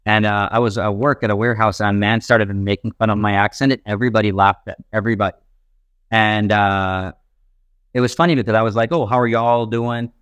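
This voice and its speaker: A young stand-up comedian from a Pakistani family who grew up in Texas, telling stories in a rambling, animated way full of fillers. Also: male voice, fairly low pitch, fast talker, clean tone, no room sound. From Pakistani family, raised in Texas, later Canada. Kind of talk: casual interview talk.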